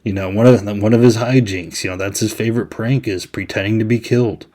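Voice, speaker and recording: A man's voice: lowish voice, fairly even intonation, brisk, a little mellow. A man hosting a podcast, giving a casual, chatty movie review with many "I mean"s. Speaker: podcast host.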